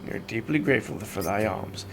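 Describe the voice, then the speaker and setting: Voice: medium pitch, animated, brisk, slight background noise, voice pushed down, lightly acted. A streamer reading a grave old-fashioned courtier. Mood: solemn. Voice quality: archaic, formal phrasing. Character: solemn courtly character speaking old-fashioned English. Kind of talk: reading game dialogue aloud.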